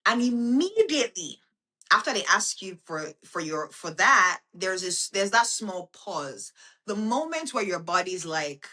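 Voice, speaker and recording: Woman host for an intimate self-help monologue; slow, bright voice with a lively, swooping delivery. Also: medium pitch. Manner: slow, intimate, addresses listener as "my friend", swears casually. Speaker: podcast host.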